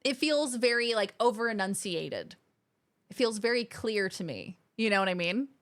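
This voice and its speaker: A woman's voice: mid-range voice, very animated, moderate pace, fairly bright tone. An American woman chatting playfully with viewers on a live stream, now and then slipping into mock accents. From United States. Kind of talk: casual live-stream chat.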